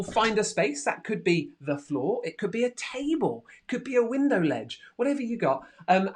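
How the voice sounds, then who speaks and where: A man co-hosting a children's craft and games show, giving cheerful, encouraging commentary. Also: high-pitched. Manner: lively, encouraging, excitable commentary. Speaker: co-host. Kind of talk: playful kids' craft show chat.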